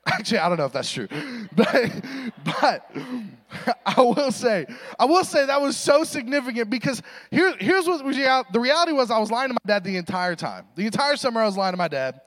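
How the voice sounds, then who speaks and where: Young adult man, sermon with storytelling, high voice, very animated, long hall reverb. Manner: animated and self-deprecating, acts out voices in his story.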